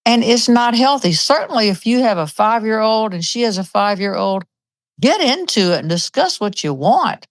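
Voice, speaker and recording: A woman in her seventies hosts a casual chat, telling stories and acting out what people said. Her voice sits on the high side with big pitch swings, and she speaks at a moderate pace with no room sound.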